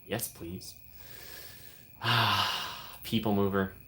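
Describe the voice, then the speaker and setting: On a relaxed live stream, a man speaks extremely slowly in a somewhat low voice with a bright, forceful edge, a little hiss or hum in the audio. The host is upbeat and chatty, reading comments and reacting to viewers by name.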